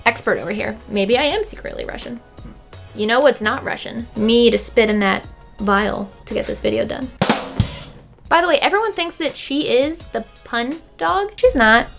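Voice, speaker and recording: A woman makeup vlogger talking casually to camera, excitable, chatty and joking. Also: mid-range voice, creaky. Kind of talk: casual vlog chat.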